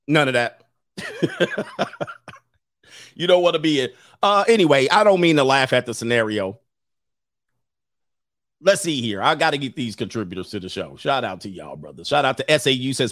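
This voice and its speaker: A man's voice: medium pitch, big pitch swings, normal speed, pauses often, fairly bright tone, dry recording, clean studio sound. A middle-aged man hosting a livestream, telling stories casually, laughing often and acting out other people's voices. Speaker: livestream host.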